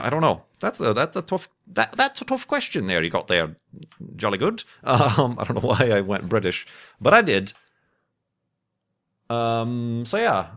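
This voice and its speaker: A man's voice: on the low side, fairly bright tone. A man in his thirties chatting casually over gameplay, rambling and self-deprecating, laughing often between thoughts. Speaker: gaming YouTuber.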